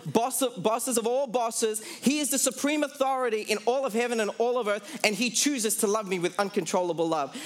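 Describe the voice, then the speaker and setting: Emphatic high-voiced male preacher. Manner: emphatic preaching, slows down for key phrases; asks the audience questions, then answers them. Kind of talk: sermon.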